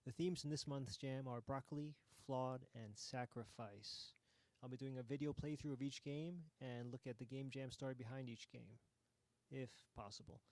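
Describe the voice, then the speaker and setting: A man hosting a game jam, giving relaxed, hesitant commentary with frequent ums while playing a game. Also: medium pitch, normal speed, dry recording.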